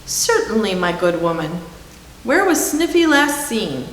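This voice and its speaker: A woman's voice: mid-range voice, big pitch swings, a little slow. A pompous vegetable detective, read by a woman. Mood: confident. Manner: grand, theatrical speech. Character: pompous vegetable detective, male, self-assured. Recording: echoey hall with faint hiss.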